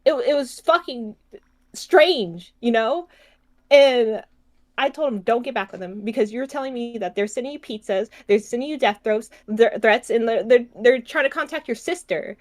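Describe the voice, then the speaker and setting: A woman's voice: a little high, moderate pace. A woman co-hosting a podcast, telling a story in casual chat, often laughing, swearing and restarting her sentences. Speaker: podcast co-host.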